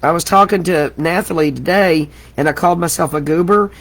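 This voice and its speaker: A woman's voice: lowish voice, a little fast. A middle-aged woman hosting a live craft tutorial, chatty and exclamatory, often laughing at herself. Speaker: crafting host.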